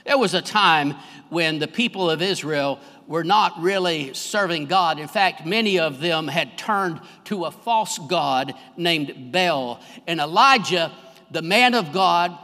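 A man preaching a fervent sermon as pastor, swelling louder on his key phrases. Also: a little high, lively intonation, takes it slowly. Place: church sanctuary. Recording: long reverb of a large hall.

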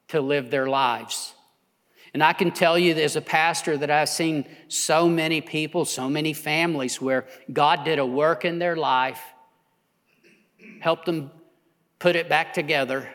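A man preaching as a pastor, building to impassioned near shouts and then dropping low and quiet. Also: long reverb tail. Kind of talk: sermon.

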